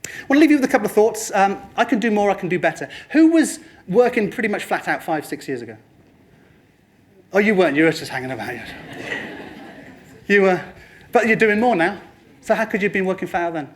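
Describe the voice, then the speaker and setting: A man giving a lively motivational presentation to a room, addressing the audience and slipping into other people's voices for quoted lines. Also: high-pitched, a little fast. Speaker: speaker at a training talk.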